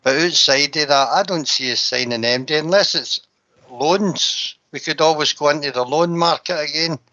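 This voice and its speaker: A man giving his views on football in casual radio chat, measured and reasoning. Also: fairly high pitch, sharp tone. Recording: dull lo-fi broadcast audio.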